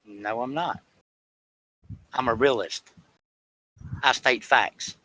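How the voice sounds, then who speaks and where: A man's voice: mid-range voice, takes it slowly, sharp tone, no room sound, poor audio. A man arguing heatedly on a voice chat, combative and sarcastic, swearing as he presses his point. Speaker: participant in a voice chat argument.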